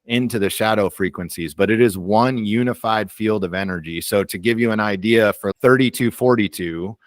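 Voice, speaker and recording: A man hosting a video call, calmly explaining ideas and slowing down to stress his points. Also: on the low side, dry recording. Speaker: host of a community call. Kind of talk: casual teaching on a video call.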